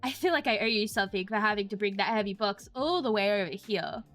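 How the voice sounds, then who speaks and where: A woman's voice: mid-range voice, quick pace, a bit bright, faint music behind, pitched below the performer's own voice, natural voice. A woman voicing a light, airy, grateful young woman neighbor in a game. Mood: grateful, bubbly.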